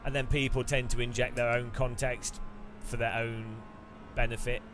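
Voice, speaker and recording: A man's voice: medium pitch, level tone, moderate pace, over music. Rambling British man on a racing stream. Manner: rambling, joking, self-interrupting. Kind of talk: casual live-stream chat.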